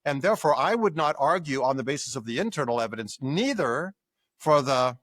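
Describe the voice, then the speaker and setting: An older man, a guest scholar in an interview, explaining with lively examples and acted-out quotes. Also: medium pitch, brisk, no room sound. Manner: animated explainer acting out examples.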